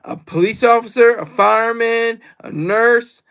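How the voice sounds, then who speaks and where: Guy with a really high voice just rambling on his livestream, keeps repeating stuff. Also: a little slow, creaky, a bit bright, clear, resonant tone. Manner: rambling and repetitive, reads chat aloud. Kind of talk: casual livestream monologue.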